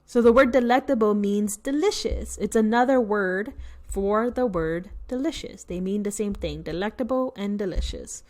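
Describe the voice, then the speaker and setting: A woman's voice: medium pitch, normal speed, darkish tone. A woman reading a picture book to children, patiently explaining words and asking questions. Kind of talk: read-aloud lesson.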